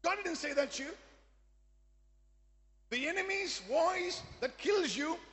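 A man's voice: very high-pitched, expressive, takes it slowly, fairly bright tone. A man preaching a sermon as pastor, emphatic, often asking the congregation if they are with him. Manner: emphatic preaching with call-and-response asides. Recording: long hall reverb.

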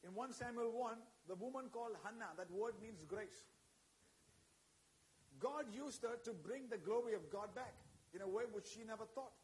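A man with a high voice delivers a sermon at a moderate pace, full of fervor. He repeatedly calls out amen and hallelujah and questions the congregation.

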